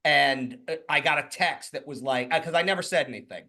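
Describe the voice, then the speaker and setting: A man in his fifties with a bright, forward voice, talking as a podcast guest. He tells his stories lively and loose, slips into the people he quotes, and swears without a second thought. His pitch sits a little above most men's. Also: fairly quick. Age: 50s. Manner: animated, acts out quoted dialogue, swears freely. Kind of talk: casual storytelling.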